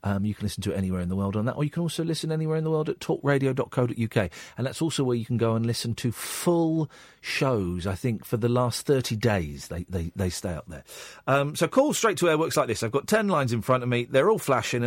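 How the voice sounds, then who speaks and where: Wry radio host, lively. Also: male voice, medium pitch, quick pace, hardly any pauses, no echo. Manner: relaxed, teasing, wry. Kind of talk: late-night radio talk. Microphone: studio microphone.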